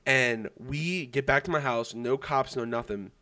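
A man's voice: medium pitch, unhurried. Young guy rambling through a story, cussing a lot, likes "like". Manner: animated, swearing storytelling with lots of fillers. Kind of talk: casual chat.

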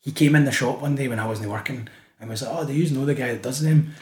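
A man's voice: medium pitch, quick pace, echoey room. A man with a Scottish accent from the Glasgow area, a guest chatting casually on a podcast. He tells stories with energy, swears often and acts out what others said. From Scotland. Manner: animated storytelling, swears often, acts out quotes. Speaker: guest, street artist.

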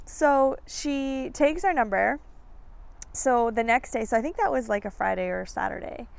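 Woman in her 30s, podcast host, lively chatty storyteller with a slightly high, creaky voice. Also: moderate pace. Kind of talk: casual storytelling chat.

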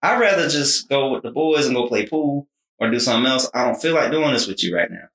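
A man talks in a measured, explanatory way during a casual chat. His voice is bright and moves around a lot in pitch. He sounds like he is in a roomy, echoing space. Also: animated.

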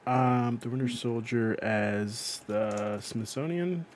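A young man co-hosting a casual podcast chat, excitable and swearing as he defends his picks. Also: medium pitch, takes it slowly, slight background noise. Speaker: podcast co-host. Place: lives in New York.

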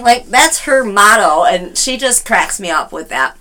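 A woman's voice: mid-range voice, measured pace. A woman co-hosting a casual talk show, telling a personal story animatedly and acting out what people said. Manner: animated, emotional storyteller who acts out quotes. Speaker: podcast co-host.

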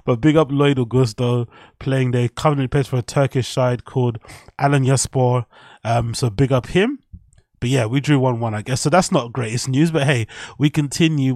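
A man's voice: mid-range voice, fairly even intonation, normal speed, darkish tone, no room sound, studio quality. A young man hosting a casual podcast, rambling with strong opinions, swearing and laughing at his own jokes. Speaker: podcast host.

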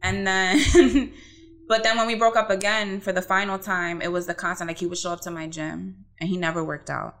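A young woman telling a story in casual podcast chat, animated and full of swearing and fillers. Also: mid-range voice, moderate pace. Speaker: podcast co-host.

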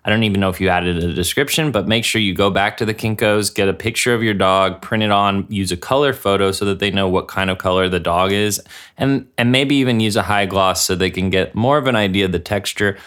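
A man hosting a comedic mock radio show, rambling deadpan with lots of filler words. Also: low voice, fairly quick.

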